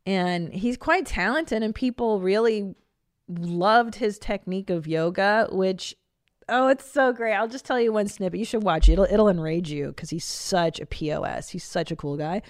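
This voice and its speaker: Forties woman podcaster, swears a lot, blunt and lively, dry close sound. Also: medium pitch, no room sound. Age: 40s. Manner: profane, blunt and animated. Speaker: podcast host. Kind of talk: casual chat.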